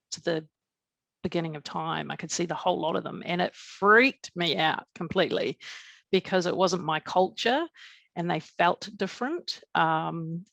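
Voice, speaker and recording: A middle-aged woman from New Zealand speaks with a Kiwi accent, telling her story in an earnest, halting way, full of fillers and restarts. Her voice sits low and carries a gravelly fry. The sound is close and dry. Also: fairly bright tone, no echo. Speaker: podcast guest. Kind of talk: recounting a personal experience in an interview.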